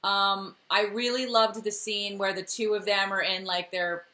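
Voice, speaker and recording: Woman co-host, bright lively tone, chatty recap banter, slips into quoted voices. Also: mid-range voice, unhurried. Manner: chatty, acts out characters' lines in quotes. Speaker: podcast co-host. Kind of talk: casual chat recapping a TV episode.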